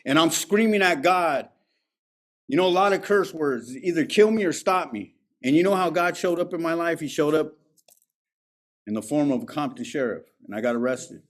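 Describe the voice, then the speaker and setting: At a recovery alumni meeting, a man shares his personal recovery testimony in a candid, profane, streetwise manner. His slightly high voice is expressive and moves at a moderate pace.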